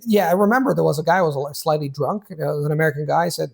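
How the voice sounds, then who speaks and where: A man's voice: fairly high pitch, quick pace, gravelly, hardly any pauses. Guy chatting about languages, lots of restarts, acts out what people said. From Italy. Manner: animated, stammering restarts, acts out quoted speech. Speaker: language coach and host. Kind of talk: casual conversation.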